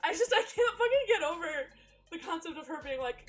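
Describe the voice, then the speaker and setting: A woman's voice: very high voice, animated, brisk, faint music behind. A woman streaming a visual novel, joking, swearing and laughing often as she reacts. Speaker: game streamer.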